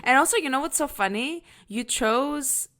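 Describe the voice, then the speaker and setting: A woman in her thirties co-hosting a podcast, chatting casually, laughing often and dropping quick asides. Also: high voice, lively intonation, a bit bright. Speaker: podcast co-host. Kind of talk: casual chat.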